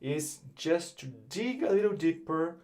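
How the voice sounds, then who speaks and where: Slow-talking Brazilian man teaching guitar. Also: on the high side. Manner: relaxed, explanatory, with fillers and restarts. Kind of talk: instructional lesson.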